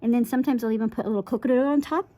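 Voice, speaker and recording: A woman with a slightly high, mellow voice, recorded in poor audio quality, works as a dog groomer and gives a casual how-to demonstration. She is chatty and reassuring, often checking in with "right?" as she goes. She playfully acts out a scared, nervous dog in quick voices.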